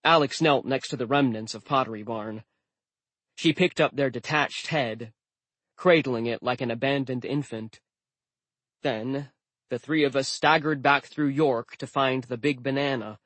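Slow, dry-voiced male audiobook narrator. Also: mid-range voice, fairly bright tone, dry recording. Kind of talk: first-person novel narration.

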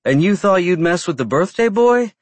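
A man voicing a small, sharp-tongued female vampire with a brisk, sarcastic manner. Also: high voice, animated, no echo, pitched above the performer's own voice.

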